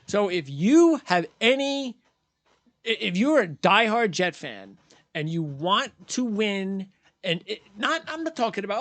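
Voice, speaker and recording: A man's voice: high voice, sing-song, measured pace, a bit bright, dry recording. A man hosting post-game sports commentary, ranting bluntly and heatedly, repeating his points and mocking fans in quoted voices. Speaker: sports channel host.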